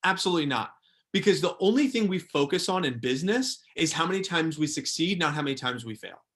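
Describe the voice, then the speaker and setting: A man's voice: fairly high pitch, lively intonation, quick pace, fairly bright tone. Emphatic, repetitive male sales trainer. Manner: emphatic, repeats key phrases. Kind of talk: motivational training workshop.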